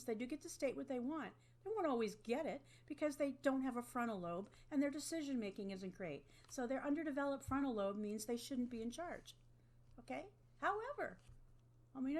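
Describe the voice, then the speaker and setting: A woman's voice: sits high, a little mellow. A woman teaching an online class to a webcam, talking in a conversational way and often checking in with "okay?". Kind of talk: online lecture.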